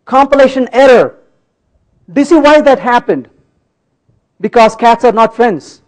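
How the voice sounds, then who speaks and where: Man, very high voice, lively, playful conference speaker, live coding. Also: measured pace, rough recording. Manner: playful, teasing the audience, asks frequent checks. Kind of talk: live-coding tech talk. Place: conference hall.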